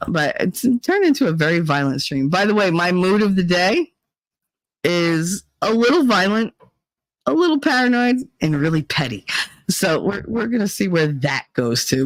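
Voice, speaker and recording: A woman's voice: mid-range voice, normal speed, no echo, poor audio. A middle-aged woman telling stories in a casual monologue vlog, acting out the people she quotes. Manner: animated storytelling, acting out quotes. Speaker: vlogger.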